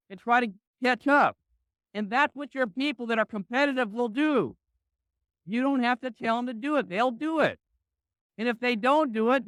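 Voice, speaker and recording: A man's voice: sits high, no room sound. A man giving a motivational talk to an audience, acting out phone calls as he tells his stories. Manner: animated storytelling, acts out phone calls. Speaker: motivational speaker.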